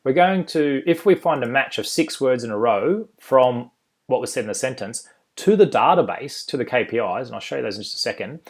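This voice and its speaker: A man with an Australian accent giving an informal screen-share tutorial, full of ums and uhs and quick self-corrections. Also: mid-range voice, lively intonation, husky. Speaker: software developer presenting a demo.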